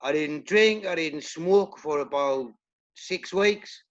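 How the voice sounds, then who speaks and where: A man's voice: fairly high pitch, slow pace, highs cut off. A man, a punk band singer, telling blunt, profanity-laced stories in a casual interview. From United Kingdom. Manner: blunt, swears heavily, tells stories acting out quotes.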